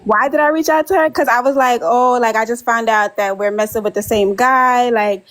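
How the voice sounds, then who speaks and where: A woman's voice: on the high side, normal speed, fairly bright tone, a little hiss or hum, low-quality recording. Young woman telling a messy story. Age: 20s. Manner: rambling, nervous laughter, many "like"s. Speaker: caller on a live stream. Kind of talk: casual confessional storytelling.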